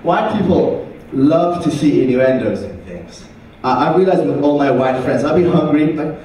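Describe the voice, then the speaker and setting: A young man tells a stand-up set with a high, very lively voice that swings wide in pitch. The sound is roomy and heavily echoed, picked up from some distance with faint ambient noise behind it. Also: normal speed. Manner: animated, jumps into loud put-on voices for family and friends. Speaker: stand-up comedian. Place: university comedy night venue. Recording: roomy hall, mic heard from a distance.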